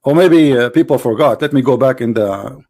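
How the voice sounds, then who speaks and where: Commenting over a replayed debate video, this English online debate host is mocking and argumentative and keeps restating his points. He speaks at medium pitch and normal speed with a warm tone.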